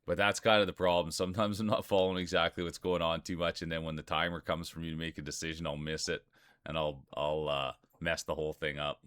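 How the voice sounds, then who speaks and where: A man's voice: extremely low pitch, little pitch movement, fast talker, a bit bright, clear, resonant tone, no room sound. A man streaming live, chatting casually and rambling while greeting viewers by name.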